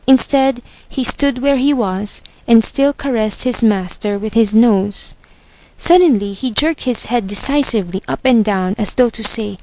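A woman narrating a storybook with a measured, expressive reading. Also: on the high side, dry recording. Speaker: reader.

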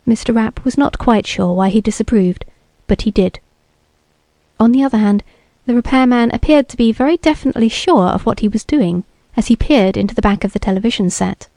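A woman narrating a story in a steady, measured reading voice. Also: on the high side, no room sound. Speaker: audiobook narrator.

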